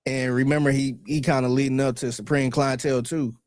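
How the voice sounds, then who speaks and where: A man co-hosting a music podcast, easygoing and quick to laugh, with loose, slangy talk. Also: mid-range voice, level tone, a little mellow, no echo, studio quality. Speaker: podcast co-host. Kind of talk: casual chat.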